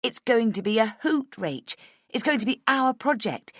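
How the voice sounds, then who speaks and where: A brash, bubbly young woman coworker, loud and gushing, her voice pitched up high and bouncing all over the place, as a woman narrator puts her on. The read is dry and close. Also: expressive, normal speed, dry recording. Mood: gushing, pushy.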